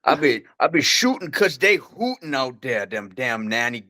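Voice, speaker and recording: A man voicing a cranky, cussing old grandpa with a high, drawling voice. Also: very animated, moderate pace, pushed and bright. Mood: grumbling.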